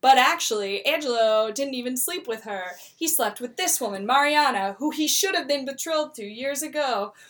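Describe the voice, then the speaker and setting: Young woman, co-host, casual retelling, lively quoted voices, slightly high voice. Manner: animated, acts out characters' lines in quick voices. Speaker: podcast co-host.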